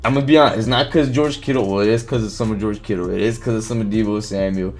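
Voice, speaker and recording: A fast-talking man with a voice on the low side runs a casual football live stream. With faint music behind him, he reacts animatedly to chat comments, reading them out and swearing freely.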